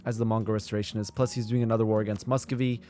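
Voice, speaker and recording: With faint music playing behind him, this lowish-voiced man talks very fast while hosting a live strategy game. He's the streamer and lobby host, chatting eagerly with viewers and laughing in an excitable way.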